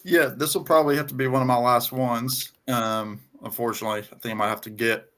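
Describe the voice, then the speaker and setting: A man with a Southern US twang talks casually over a video call. He speaks at a middling pitch and stops often to restart his sentences. His talk is loose and full of ums. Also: steady tone, fairly bright tone. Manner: halting, many ums and restarts. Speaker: guest on music chat. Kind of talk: casual conversation.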